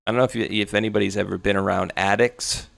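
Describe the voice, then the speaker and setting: A man's voice: on the low side, steady tone, quick pace, creaky, no room sound. A man co-hosting a talk show, chatting loosely and rambling with sarcastic asides. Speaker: podcast co-host. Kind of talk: casual political chat.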